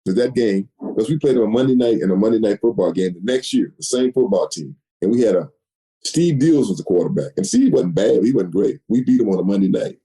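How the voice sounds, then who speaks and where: A man in his sixties, a guest in an interview, telling stories with lively delivery and acting out quoted dialogue. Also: lowish voice, a little fast, rough recording. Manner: animated storyteller, acts out quoted dialogue. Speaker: guest, retired football player. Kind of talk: storytelling interview.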